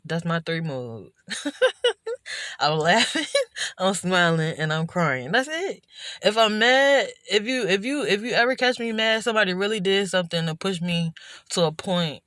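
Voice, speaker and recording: A woman's voice: fairly low pitch, a bit bright, no echo. A woman vlogger talking through her feelings in a rambling, introspective way, full of restarts and "you know", recorded indoors at night. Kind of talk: reflective personal vlog monologue.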